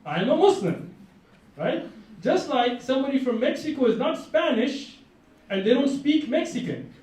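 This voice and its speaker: Man, high pitch, lively lecturer who quizzes his audience, picked up from far off in a very roomy hall. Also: normal speed. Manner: lively, conversational, asks the audience to respond. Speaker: lecturer on Islam. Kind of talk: campus lecture to a live audience. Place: college lecture room. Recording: very echoey room, mic far off.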